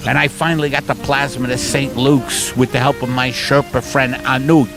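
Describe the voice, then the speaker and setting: An older man, a comedian hosting a podcast from a car, telling rambling absurd stories and jumping into shrill character voices. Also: level tone, moderate pace, vocal fry, over music. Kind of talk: rambling absurd comic storytelling.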